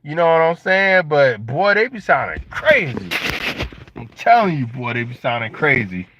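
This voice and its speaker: A young man casually joking and riffing to his viewers in a vlog, slangy and animated. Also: fairly high pitch, normal speed, noisy background. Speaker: vlogger. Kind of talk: casual monologue to camera. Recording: dull lo-fi sound.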